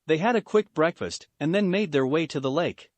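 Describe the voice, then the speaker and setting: A man reading a fan fiction story aloud as scripted narration, even and unhurried. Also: on the high side, dry recording.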